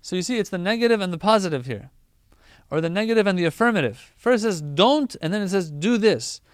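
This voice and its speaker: Male preacher, relaxed conversational sermon, crisp clear tone, dry close sound. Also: high voice, quick pace, no room sound. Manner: conversational, animated teaching with everyday examples.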